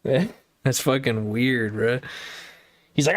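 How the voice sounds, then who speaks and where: A man chats loosely on a livestream, peppering his stories with slang, swearing and bursts of laughter. His voice sits at an ordinary pitch. The sound is dry and close, with no room echo. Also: slow, gravelly, a bit bright. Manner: slangy, profane storytelling with frequent laughter. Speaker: livestream host. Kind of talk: casual chat.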